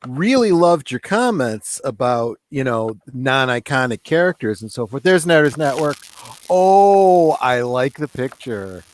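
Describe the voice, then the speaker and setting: A man co-hosting a casual livestream over a video call, friendly and quick to laugh. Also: mid-range voice, very animated. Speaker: guest co-host.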